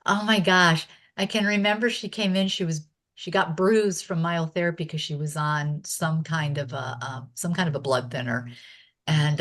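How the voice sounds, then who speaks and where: Female interview guest, slightly low pitch, relaxed anecdotal delivery with frequent laughter. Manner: chatty, laughs often while recalling stories. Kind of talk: casual reminiscing in an interview.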